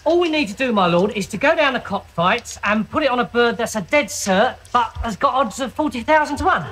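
An actor playing a slow-witted, cheerful male servant in a TV sitcom, plodding and matter-of-fact. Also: extremely high pitch, lively intonation, bright, forceful tone, heavily acted. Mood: dim.

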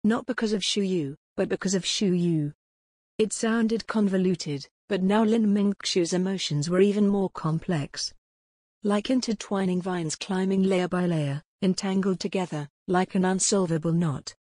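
A woman narrating an audiobook in an even storybook reading. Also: medium pitch, normal speed, no room sound, clean studio sound. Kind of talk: scripted narration.

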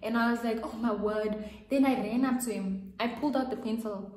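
In an echoey room, a young adult woman tells a storytime vlog in a chatty, rambling way, often restarting her sentences. Her voice is on the high side with a darkish tone, and she talks fairly quickly.

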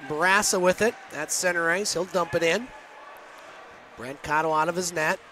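Bright, high-voiced man calling hockey. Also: a little hiss or hum. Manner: rapid, clipped play calls with chatty asides. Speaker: play-by-play announcer. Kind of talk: hockey play-by-play commentary.

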